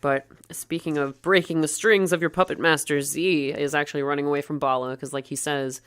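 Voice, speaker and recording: A woman with a low-pitched voice co-hosts a casual podcast about a film. She retells scenes and slips into brief voiced quotes of the characters as she goes. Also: little pitch movement, brisk, few pauses, clear, resonant tone. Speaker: podcast co-host. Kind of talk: casual film-discussion chat.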